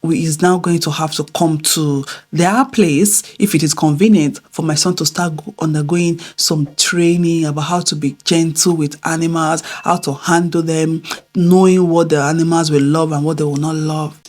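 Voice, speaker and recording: Husky, lively woman telling a story. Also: deep voice, moderate pace. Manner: animated, swings between loud exclamations and hushed near-whispers. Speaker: vlogger telling a family story. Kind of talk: casual storytelling to camera.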